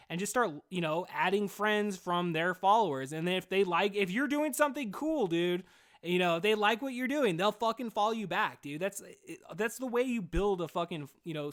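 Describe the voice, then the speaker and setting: Guy rambling on his solo podcast, swears nonstop, says dude every other line, kinda high voice. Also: expressive, a little fast, a bit bright. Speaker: podcast host. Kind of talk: casual solo podcast monologue.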